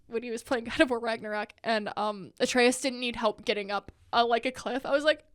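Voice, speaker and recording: A woman's voice: on the high side, brisk, clean tone, no echo, clean studio sound. A young woman co-hosting a casual podcast, telling stories with lots of laughter and acted-out quotes. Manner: animated, laughing storyteller who acts out quotes. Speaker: podcast co-host. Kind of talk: casual chat.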